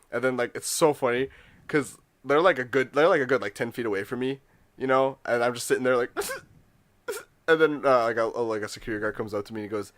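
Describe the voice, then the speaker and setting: Young male co-host, rambling storyteller, mid pitch, dry close sound. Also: fairly bright tone, dry recording. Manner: rambling anecdotes, frequent laughter. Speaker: podcast co-host. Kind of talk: casual chat.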